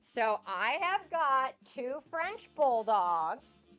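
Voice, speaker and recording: A young woman getting over a cold, chatting excitedly with viewers on her cooking live stream. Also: fairly high pitch, measured pace, lo-fi sound, soft background music. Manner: bubbly, gushing and excitable. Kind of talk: casual live-stream chat.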